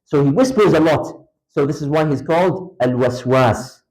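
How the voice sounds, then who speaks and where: In a mosque hall, an Islamic lecturer with a fairly high voice gives a classroom religious lecture, talking directly to his listeners in a conversational way. At normal speed, he tells everyday examples with animated emphasis, his pitch leaping up and falling back in wide swings.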